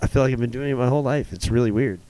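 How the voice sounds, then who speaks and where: A man's voice: medium pitch, very fast, warm tone. A young man co-hosting a podcast, talking casually and at length, full of "like" fillers and swearing. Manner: rambling, heavy on "like", swears. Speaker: podcast co-host, rapper. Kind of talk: casual chat.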